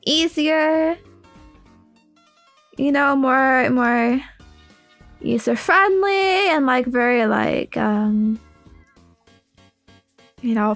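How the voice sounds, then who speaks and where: A woman's voice: sits high, fairly bright tone. A young woman streamer chatting casually while building a model kit, rambling and laughing with lots of fillers.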